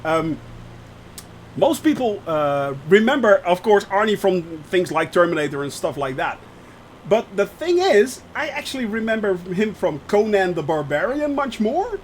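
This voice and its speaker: A man's voice: sits high, big pitch swings, measured pace, slight background noise. A man, chatting live with viewers while streaming a flight sim, joking and laughing often as he reads the chat aloud.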